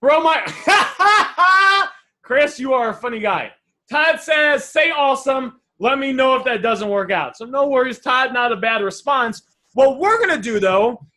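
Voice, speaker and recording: Man, sales coach, live online lesson, energetic, repetitive, very high pitch, bright edge. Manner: energetic, repetitive, addresses listeners as guys. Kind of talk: live online teaching session.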